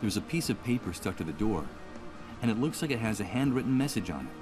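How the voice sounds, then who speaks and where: A man voicing a sardonic video game hero with a very low voice that rises and falls expressively. Game music plays clearly behind him. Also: expressive, fast, natural voice. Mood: musing. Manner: wry, sardonic. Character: sardonic troubled man, protagonist. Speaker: game protagonist. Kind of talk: video game voice acting, inner monologue.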